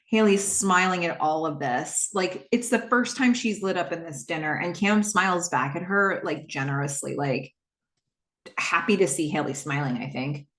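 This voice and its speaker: Lively woman recapping a TV episode. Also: lowish voice, moderate pace. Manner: animated, acts out the characters' lines. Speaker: podcast host. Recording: roomy echo.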